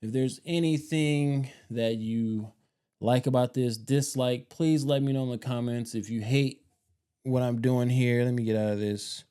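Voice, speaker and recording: Mellow-voiced casual man rambling. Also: mid-range voice, steady tone, unhurried, smooth. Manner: rambling, repeats himself, casual slang. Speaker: homestead channel host. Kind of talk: casual vlog talk.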